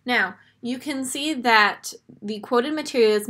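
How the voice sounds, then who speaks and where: A woman's voice: a little high, unhurried, bright, forceful tone. A woman teaching a grammar lesson, patiently walking through each step over a screen recording.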